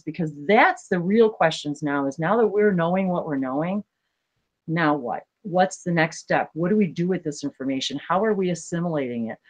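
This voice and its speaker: This woman's voice is lowish, and she speaks informally on a spiritual livestream she hosts. Her talk is heartfelt and emotional, wandering along with frequent halting restarts.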